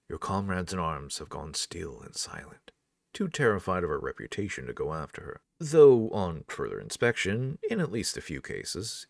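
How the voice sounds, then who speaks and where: A man reading an interactive fantasy novel aloud in a measured, even storytelling manner. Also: a bass voice, gravelly, no room sound, studio quality. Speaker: audiobook narrator.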